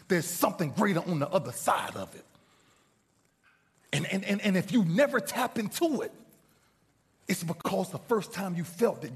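A man giving an inspirational speech to a live audience, telling a story dramatically and swinging from loud bursts to hushed asides. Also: sits high, gravelly. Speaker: motivational speaker. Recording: long reverb of a large hall.

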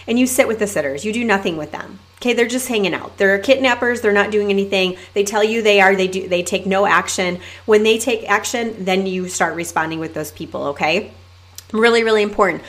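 A young adult woman hosting a solo podcast, coaching her listeners in an energetic, emphatic way and often calling them "you guys.". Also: medium pitch. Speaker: podcast host and network marketing coach.

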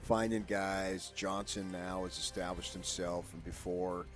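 A man's voice: sits low, little pitch movement, measured pace, faint music behind. A man co-hosting a sports talk show, opinionated and rambling as he gives his takes. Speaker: sports radio co-host.

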